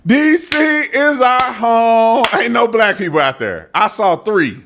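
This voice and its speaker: A man hosting a live news commentary show, animated and joking, talking straight to his viewers. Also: very high voice, takes it slowly, few pauses.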